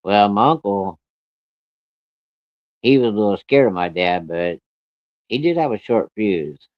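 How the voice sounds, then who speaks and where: A man with a fairly low voice tells a true-life story in a loose, folksy, rough-spoken way, chuckling as he talks. The recording is dry and dull, a little lo-fi. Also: expressive, unhurried, no echo.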